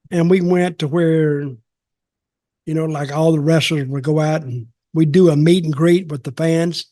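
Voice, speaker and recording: Gravelly older man spinning a blunt story. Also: fairly high pitch, a little mellow, no echo, clean studio sound. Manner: rambling, blunt, profane, with restarts. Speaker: podcast host telling a wrestling story. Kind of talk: casual storytelling.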